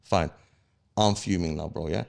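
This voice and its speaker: Man, low voice, street slang, heated podcast storytelling, keeps asking "yeah?". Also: fast talker, darkish tone. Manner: street slang, checks in with "yeah?" after each point; heated, emphatic retelling. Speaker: podcast guest. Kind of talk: casual storytelling interview.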